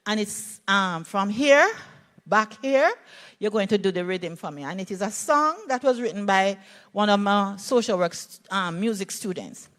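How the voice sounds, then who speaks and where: A woman's voice: mid-range voice, animated, moderate pace, a bit bright. A middle-aged woman with a Jamaican accent, a play therapist presenting a conference workshop, telling stories animatedly and checking in with her audience.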